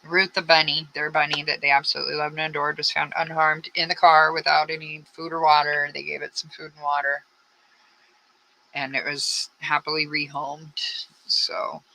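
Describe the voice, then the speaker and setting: Blunt, sharp-voiced woman on true crime. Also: low-pitched, completely flat delivery, normal speed, creaky, rough recording. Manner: rambling, blunt, frustrated asides. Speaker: true crime channel host. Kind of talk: casual true-crime commentary.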